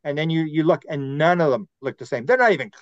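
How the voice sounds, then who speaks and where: Animated storytelling man, higher voice. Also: fast, dry recording, muffled recording. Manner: rambling, animated storyteller who acts out quotes. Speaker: guest. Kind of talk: podcast conversation.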